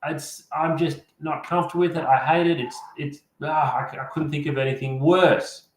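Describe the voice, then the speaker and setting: A man's voice: a little high, fairly even intonation, moderate pace, slight background noise, natural voice. A man voicing a nervous, reluctant job seeker who stammers out protests. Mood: panicked disbelief. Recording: roomy echo.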